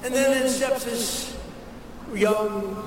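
A man's voice: very high-pitched, steady tone, slow. A man giving a rambling political speech, acting out the voices he quotes. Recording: echoey hall from far off, noisy.

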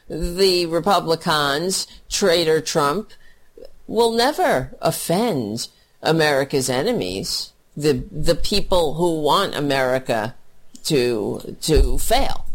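A woman's voice: sits low, vocal fry. A woman delivering a blunt, scornful and profane political commentary rant, often restarting her phrases.

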